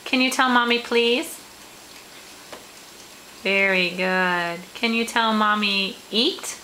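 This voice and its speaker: A mother talking to her toddler in a home video at mealtime, coaxing him slowly and praising him often, recorded on a handheld camera. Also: medium pitch, pushed and bright, a little hiss or hum, poor audio. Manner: coaxing, slow and encouraging, with repeated praise.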